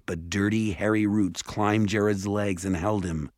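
A man narrating an audiobook in a calm, even storytelling manner. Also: on the low side, unhurried, no room sound, clean studio sound.

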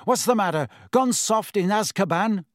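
A man's voice: high-pitched, lively intonation, moderate pace, no room sound, clean studio sound, pitched above the performer's own voice. A man voicing a furious, reckless thirteen-year-old boy who spits out angry accusations in an audiobook. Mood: enraged. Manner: spitting, enraged. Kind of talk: audiobook character voice.

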